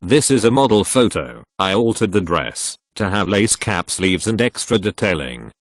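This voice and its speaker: Low-voiced male narrator reading posts. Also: big pitch swings, moderate pace, no room sound. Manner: reads text literally, spelling out links and web slang. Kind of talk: reading online posts aloud.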